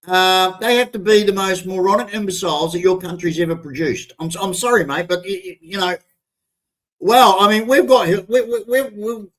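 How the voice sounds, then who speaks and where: A man's voice: high-pitched, moderate pace, fairly bright tone, poor audio. An older Australian man with an Australian accent, hosting a live stream and ranting bluntly with profanity, often stumbling and restarting his words. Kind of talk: ranting commentary.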